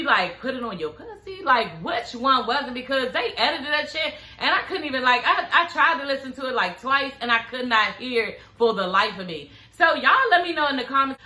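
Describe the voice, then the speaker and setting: A woman's voice: fairly high pitch, bright, forceful tone. A young woman recapping a reality show in a sassy, profane, outspoken way. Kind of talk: casual recap commentary. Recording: echoey room.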